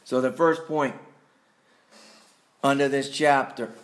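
A man preaching a sermon, slow and deliberate, with sudden emphatic rises and quiet asides. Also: mid-range voice, steady tone. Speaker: pastor.

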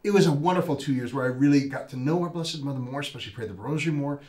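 A man in his forties, a priest, telling his story in an interview with lively, animated retellings. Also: medium pitch, rapid-fire. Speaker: Dominican priest, guest. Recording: roomy echo.

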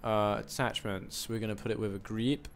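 A man's voice: on the low side, steady tone, moderate pace, slight background noise. A young man with a put-on American accent, rambling through live game commentary with self-mocking asides. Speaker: gaming commentator.

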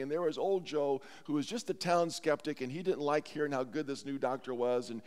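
A man's voice: fairly high pitch, moderate pace, darkish tone, clear, resonant tone. A man preaching a sermon as pastor, earnest and heartfelt, in a church sanctuary. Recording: long church hall reverb.

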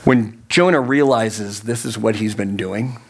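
A man's voice: on the low side, measured pace, vocal fry, breathy edge. A man preaching a sermon as a youth pastor, emphatic and repeating key phrases, his voice climbing on the points he stresses.

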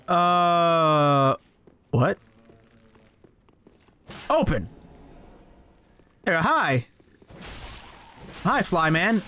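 A man's voice: high voice, sharp tone. A man commenting on his own gameplay, cursing and joking at the enemies as he plays. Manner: profane, jokey, talks to game enemies. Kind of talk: let's play commentary.

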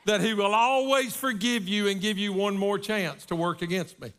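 A man's voice: high voice, steady tone, moderate pace, few pauses, a bit bright. A middle-aged man, a guest preacher, delivering a sermon in a folksy storytelling manner, often checking in with "right?". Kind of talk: sermon with personal stories. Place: church service.

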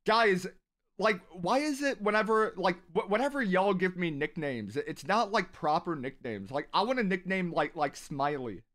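A man hosting a casual live stream, talking at length and giving shout-outs to viewers from his home. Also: high voice, expressive, moderate pace. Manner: rambling and talkative, shouting out viewers. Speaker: live-stream gaming host.

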